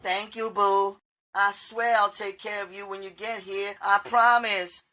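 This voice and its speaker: A man's voice: sits high, level tone, measured pace, bright, forceful tone, pitched above the performer's own voice, low-quality recording. A man doing a pleading needy girlfriend. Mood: grateful. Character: needy pleading young woman, dope-hungry girlfriend. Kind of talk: audiobook character voice.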